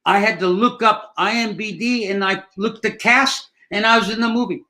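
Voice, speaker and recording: A man's voice: sits high, steady tone, normal speed, pushed and bright. An older man, an actor, chatting casually and telling rambling, joking stories. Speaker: actor guest. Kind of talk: casual live chat.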